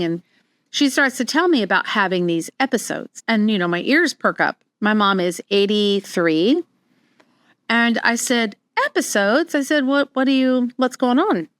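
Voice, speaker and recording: Middle-aged woman host, casual storytelling, candid and chatty, mid-pitched voice, dead-dry close mic. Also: dry recording. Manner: candid, animated when quoting herself, frequent restarts. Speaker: podcast host, wellness practitioner. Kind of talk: casual solo podcast storytelling.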